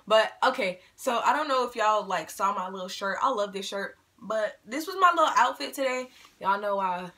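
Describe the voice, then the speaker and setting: Speaking at a moderate pace with hardly any pauses, the eighteen-year-old woman sounds animated, bright and forceful in her mid-range voice. It's a casual Q&A vlog filmed at home, where she stays bubbly and talkative, teases herself playfully, and calls viewers "y'all."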